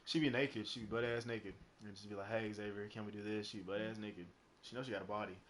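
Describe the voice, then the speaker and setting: A man's voice: lowish voice, steady tone, quick pace, fairly bright tone, a little hiss or hum. A young man streaming live, telling a personal story in a rambling, casual way full of fillers and swearing. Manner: rambling, heavy on fillers and profanity.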